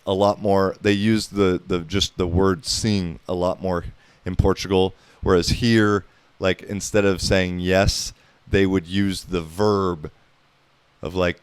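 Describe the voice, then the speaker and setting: A man's voice: deep voice, little pitch movement, unhurried, smooth, dry recording. An American man in his thirties hosting a podcast, rambling casually with lots of profanity and filler words. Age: 30s. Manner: laid-back, profane, heavy on filler words. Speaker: podcast host.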